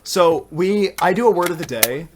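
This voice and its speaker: A man's voice: high voice, lively intonation, noisy background. A man in his twenties hosting a casual podcast, swearing often and mocking himself. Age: 20s. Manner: fast, swearing, self-mocking. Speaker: podcast host. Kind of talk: casual chat.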